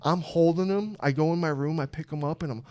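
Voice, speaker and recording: A young man hosting a podcast, telling a story in a lively, animated way, swearing often and acting out what people said. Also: on the high side, fast talker. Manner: animated, swearing, acts out quotes. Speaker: podcast host. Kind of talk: casual storytelling chat.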